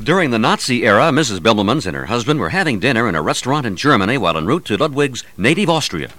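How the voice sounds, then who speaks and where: A man hosting a radio news feature, reading his script in a lively, sing-song way. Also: quick pace. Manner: lively, sing-song delivery with wide swings in pitch.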